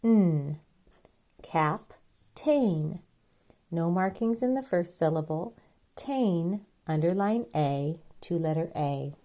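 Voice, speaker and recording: A woman leads a spelling lesson in an unhurried, careful way, breaking each word into its syllables and sounds. Her voice sits on the lower side, and she takes her time with every word. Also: animated, warm tone. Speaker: spelling teacher. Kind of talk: slow spelling dictation lesson.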